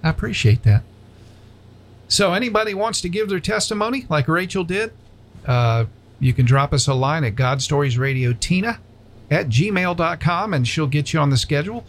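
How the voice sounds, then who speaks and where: A man's voice: a little high, animated, normal speed. A man hosting a casual Christian radio show from a studio, joking and sincere by turns.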